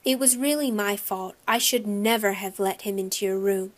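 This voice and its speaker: Woman doing a calm mom talking softly to her upset kid. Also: mid-range voice, normal speed, natural voice. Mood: gentle. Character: calm, patient mother soothing her son.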